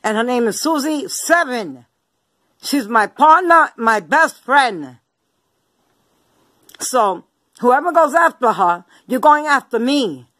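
A woman's voice: high-pitched, animated, slow pace, long pauses, fairly bright tone, no echo. A woman ranting at her viewers in a confrontational, taunting way, full of swearing, slang and repeated lines. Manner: slang-heavy street talk. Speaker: vlogger. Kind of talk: angry rant to viewers.

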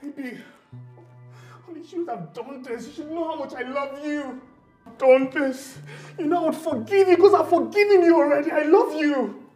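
An actor playing a worried husband, speaking with a Nigerian English accent in a tender, pleading way. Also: male voice, mid-range voice, normal speed, faint music behind, close to an everyday voice. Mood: distraught. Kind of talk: film acting. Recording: film score under the voice.

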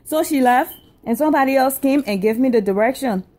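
Brief: high-pitched woman from Africa, indignant comedic storyteller who repeats for emphasis. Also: a little fast, dark tone. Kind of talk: comedic rant to camera.

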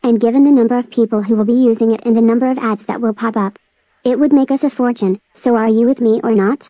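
Smug cartoon villain, done by a female tts voice, gloats and threatens, fairly high, tinny dry phone-like sound. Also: fairly even intonation, quick pace, no echo, lightly acted. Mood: scheming. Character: scheming smug villain who makes a spammy operating system. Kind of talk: text-to-speech cartoon voice.

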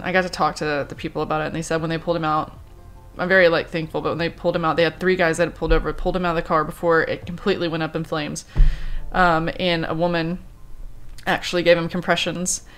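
A woman in her thirties, a vlogger, telling a personal story in a halting, grieving way, full of fillers, restarts and quoted talk. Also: low-pitched, level tone, a bit bright, soft background music. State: grieving, subdued.

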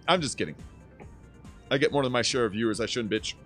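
Over soft background music, a man in his thirties chats while livestreaming a game from home. He's laid-back, rambles, and swears often. His mid-range, slightly bright voice is animated, and he talks fast.

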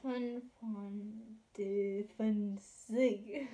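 A woman's voice: medium pitch, fairly even intonation, drawn-out words, background noise. A young woman in a casual vlog, joking and groaning dramatically as she struggles with hard words. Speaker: guest trying German words. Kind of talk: casual chat.

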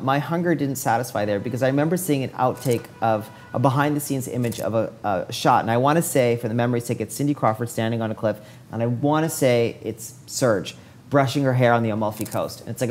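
A man in his forties talks at a quick clip as an interview guest. He tells his story in a lively way and slips into the voices of the people he quotes. His voice sits at a middle pitch for a man. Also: a little hiss or hum. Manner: lively storyteller who acts out quoted dialogue. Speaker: hair stylist, interview guest.

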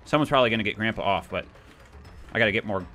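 A young man giving excitable, playful let's-play commentary, taunting the players as he goes. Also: lowish voice, very fast, soft background music. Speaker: gaming YouTuber.

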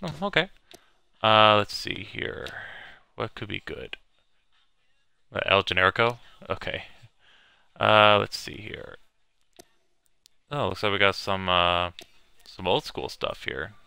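Male gamer, crisp and bright, dry close sound, casual hesitant commentary. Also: deep voice, unhurried, long pauses, no room sound. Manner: hesitant, many fillers, reads on-screen text aloud. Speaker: gamer playing a video game. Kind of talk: casual let's-play commentary.

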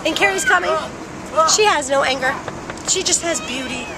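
A woman's voice: high-pitched, normal speed, over a noisy crowd. A middle-aged woman and mother chatting casually and animatedly in a family vlog. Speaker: vlogger and mother. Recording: loud background noise.

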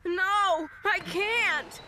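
A man's voice: very high voice, drawn-out words, noisy background, exaggerated voice. An actor voicing a nervous, hesitant male crane machine who stammers in a cartoon. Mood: scared.

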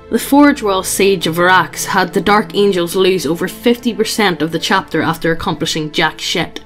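A woman co-hosting a podcast, reading fan posts aloud in a dry, matter-of-fact way. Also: fairly low pitch. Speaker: podcast co-host.

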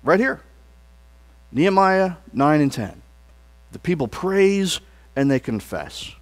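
An earnest male pastor preaching from the pulpit. His pitch sits a bit high and swings widely, rising on emphatic words and dropping low and soft at the ends of phrases. He leads the congregation in call-and-response lines. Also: sing-song, takes it slowly. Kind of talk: sermon. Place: church sanctuary.

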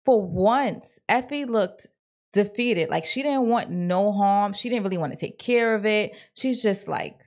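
A woman's voice: mid-range voice, unhurried. A woman giving a casual, opinionated recap of a TV episode, talking in slang and acting out the characters' lines. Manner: opinionated and blunt. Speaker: TV recap vlogger.

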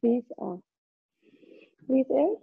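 A woman's voice: sits high, sing-song, extremely slow, vocal fry, breathy edge, no echo, phone-quality sound. A woman leading a group laughter yoga session over a video call, laughing often and encouraging everyone cheerfully.

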